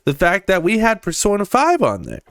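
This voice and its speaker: A man's voice: sits high, huge pitch swings, fairly quick, a bit bright, dry recording, studio quality. A young man hosting a podcast, chatting casually and enthusiastically about gaming news, with frequent fillers. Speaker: podcast host.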